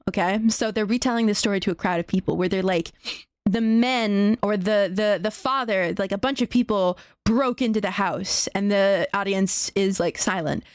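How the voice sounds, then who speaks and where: A woman's voice: medium pitch, smooth, no room sound, clean studio sound. A young woman streaming live, chatting casually in a rambling, profane rant full of restarts. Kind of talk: casual livestream chat.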